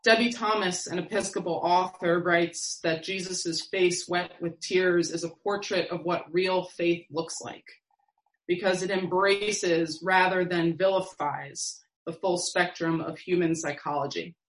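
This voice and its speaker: A woman preacher giving a sermon in a slow, measured, reflective way with long pauses. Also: on the low side, fairly even intonation, roomy sound, rough recording.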